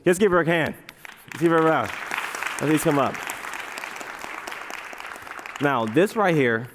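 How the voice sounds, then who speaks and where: Man, motivational speaker, lively pitch, slightly high voice, long hall reverb. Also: a little slow, noisy background. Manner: animated, playful, leads the crowd in chants. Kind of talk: live motivational talk on stage. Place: large auditorium stage.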